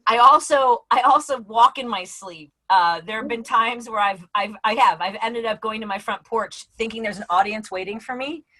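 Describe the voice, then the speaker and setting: A woman's voice: on the high side, moderate pace, few pauses, sharp tone. A woman in her forties doing a brash, self-mocking stand-up set over a video call from home. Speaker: stand-up comedian. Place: home, before a green screen.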